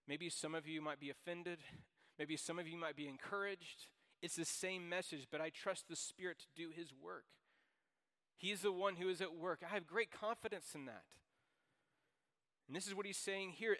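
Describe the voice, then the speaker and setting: A man preaching a sermon as pastor, emphatic, repeating key phrases and swinging between loud and hushed delivery. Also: fairly high pitch. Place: church sanctuary. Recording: long reverb of a church hall.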